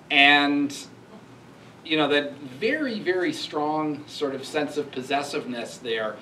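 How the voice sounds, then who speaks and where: Guy giving a public lecture, chatty, thinks out loud, faint hum behind, roomy echo. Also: fairly high pitch, big pitch swings, measured pace. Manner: conversational, thinks aloud, laughs, reads quotes with emphasis. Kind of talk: university lecture. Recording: echoey hall recorded from far off.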